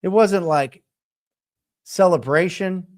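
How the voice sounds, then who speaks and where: A middle-aged man coaching on real estate in a casual motivational talk, animated and emphatic, repeating his key points. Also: sits high, slow.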